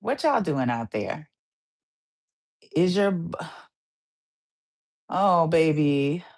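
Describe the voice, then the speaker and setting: Female podcast host, solo casual rant; lower pitch, very lively delivery, playful and repetitive. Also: slow pace, gravelly. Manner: animated, playful ranting with repeated phrases.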